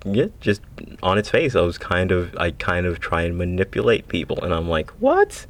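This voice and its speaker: A man co-hosting a podcast in casual chat, playful and self-mocking, sometimes dropping into a low growl for emphasis. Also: moderate pace. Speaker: podcast co-host.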